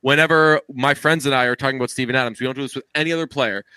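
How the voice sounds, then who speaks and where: A man hosting a podcast in a casual chat, joking, sarcastic and quick with asides. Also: medium pitch, fairly even intonation, pushed and bright, clear, resonant tone, no echo. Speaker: podcast host.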